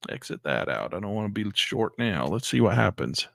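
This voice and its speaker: Man, trading educator, live trading commentary, excitable, lowish voice. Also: moderate pace, creaky, dry recording, clean studio sound. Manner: excitable, exclaims and talks to himself.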